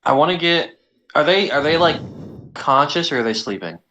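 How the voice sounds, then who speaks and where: A man's voice: a little high, expressive, moderate pace, pushed and bright, rough recording. A man playing a tabletop game, asking unsure questions and swearing now and then. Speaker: player.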